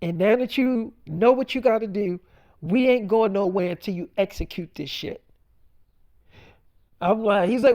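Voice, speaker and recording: A man's voice: high-pitched, moderate pace, long pauses, a little mellow. Man, unscripted preachy rant, heavy swearing, rambling and blunt. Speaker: self-styled prophet vlogger. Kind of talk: profane freestyle monologue.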